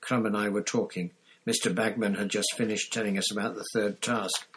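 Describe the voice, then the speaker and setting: A low-voiced, husky man voicing a panicky teenage boy wizard in a storybook reading, raising his pitch and pushing the words out urgently. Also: fairly even intonation, fairly bright tone, low-quality recording. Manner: raised, hurried, pleading delivery.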